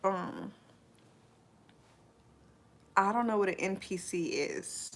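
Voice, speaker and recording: A young woman talking casually on a live stream, pausing often to read and answer comments from her viewers. Her voice sits at an ordinary middle pitch, and her talk wanders with fillers and asides. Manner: chatty, rambling, answers chat comments.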